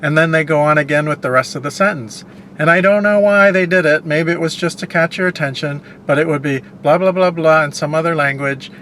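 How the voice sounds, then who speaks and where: A man's voice: on the high side, a little fast, fairly bright tone, a little hiss or hum. A man hosting a casual car review, talking in a rambling, digressive way full of ums and uhs, from inside a parked car. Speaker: car reviewer and show host.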